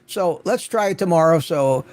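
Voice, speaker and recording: A man's voice: on the high side, lively intonation, normal speed, darkish tone. An older man hosting an unscripted livestream, chatting casually and greeting viewers by name from the chat. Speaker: livestream host.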